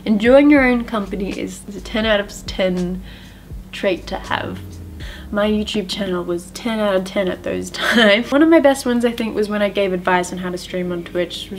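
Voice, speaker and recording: A young woman talks through her own story in a casual vlog voice. She is chatty and upbeat and pokes fun at herself, at a middle pitch for a woman. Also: normal speed, slight background noise. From Australia. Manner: chatty, upbeat and self-deprecating. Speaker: streamer and YouTuber.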